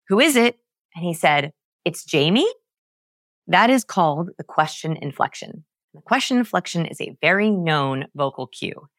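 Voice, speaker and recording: A woman guest on a podcast, explaining research with emphatic, animated storytelling and big pitch swings. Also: no room sound, studio quality. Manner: lively, emphatic, swings pitch high to act out examples.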